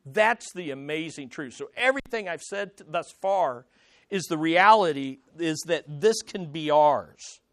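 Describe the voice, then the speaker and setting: A man's voice: a little high, animated, a little slow, no echo, clean studio sound. A man preaching a sermon as a pastor, earnest and emphatic, leaning hard on key words.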